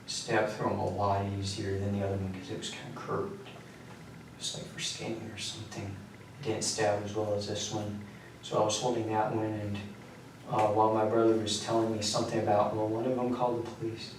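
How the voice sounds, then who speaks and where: A young man in his twenties, an inmate recounting events in a flat, matter-of-fact way during a prison interview. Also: on the low side, brisk. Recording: very echoey room, distant mic, faint hum.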